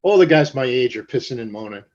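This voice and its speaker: A man's voice: medium pitch, expressive, fast talker, a little mellow, muffled recording. A man in his sixties, a guest tattoo artist, telling profane stories casually in an interview and acting out the voices in them.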